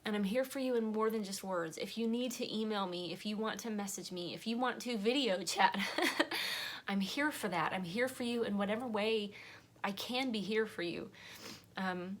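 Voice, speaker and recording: A woman's voice: mid-range voice, moderate pace. A woman giving a heartfelt, rambling personal monologue while crying. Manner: earnest, rambling, emotional. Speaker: vlogger and podcast host.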